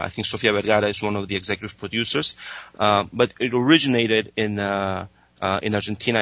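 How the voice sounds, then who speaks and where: Low bright hesitant man, lo-fi. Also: no echo. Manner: hesitant, many fillers and restarts. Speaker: streaming executive guest. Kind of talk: interview answers. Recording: dull lo-fi dry sound.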